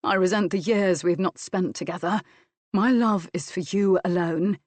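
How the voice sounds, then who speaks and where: A woman's voice: fairly low pitch, moderate pace, darkish tone, no echo, natural voice. A woman voicing an earnest, devoted nobleman speaking tenderly to his wife.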